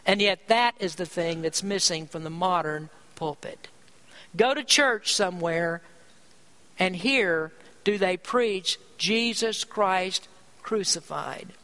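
A man's voice: sits high, pushed and bright, low-quality recording. A man preaching a sermon, emphatic and full of rhetorical questions.

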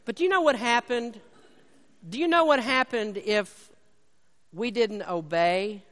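A pastor preaches a sermon in a slightly bright voice, slowing down and raising it on scripture and key lines before dropping back low. Long hall reverb fills the recording.

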